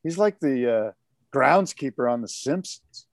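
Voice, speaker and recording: A man co-hosting a podcast, chatting casually about surfing in an animated, rambling way with many fillers. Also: mid-range voice, a little slow, dry recording, clean studio sound. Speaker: podcast co-host. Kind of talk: casual surf talk chat.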